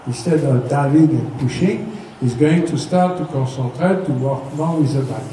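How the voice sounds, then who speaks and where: A man teaches riding, patient and methodical, checking in often. His voice is mellow and a bit higher than most men's. He sounds far from the mic in a very echoey space with a faint hiss behind. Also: moderate pace. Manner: patient, explains step by step, often checks "okay?". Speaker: riding instructor. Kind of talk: hands-on riding lesson.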